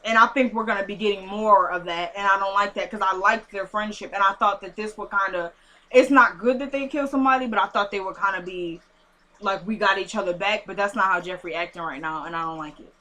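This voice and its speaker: A woman casually recapping a TV episode, retelling scenes in an animated, indignant way. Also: mid-range voice, a little fast. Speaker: TV show recapper.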